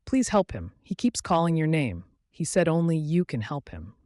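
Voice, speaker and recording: Man doing a young woman, desperate, pleading, high-pitched, storybook voice, dry sound. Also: sing-song, moderate pace, a little mellow, no echo. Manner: pleading, urgent, raised pitch. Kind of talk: scripted storybook narration.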